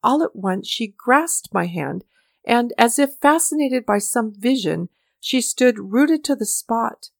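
A woman reading a story aloud as narrator, with measured, mournful storytelling. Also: on the high side, lively intonation, creaky, no room sound, studio quality. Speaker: audiobook narrator. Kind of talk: scripted narration.

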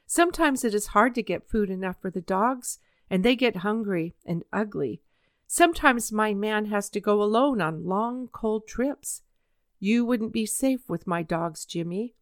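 A woman reading the part of a patient, kindly male country doctor in a storybook, speaking gently and reasonably, with light teasing. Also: medium pitch, lively intonation, a little slow, dry recording, clean studio sound, lightly acted. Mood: gentle.

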